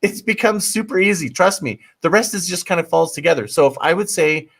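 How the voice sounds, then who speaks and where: Man, fairly high voice, emphatic, pleading, restarts mid-sentence, swears now and then. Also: brisk, gravelly, a bit bright, husky. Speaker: guest marketing coach. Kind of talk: casual livestream interview.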